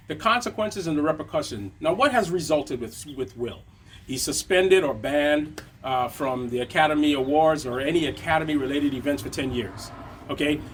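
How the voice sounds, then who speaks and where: Man giving a business coaching talk, keeps saying right?, a bit high-pitched, faint music behind. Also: husky. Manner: conversational, frequent tag questions "right?". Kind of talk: motivational lesson.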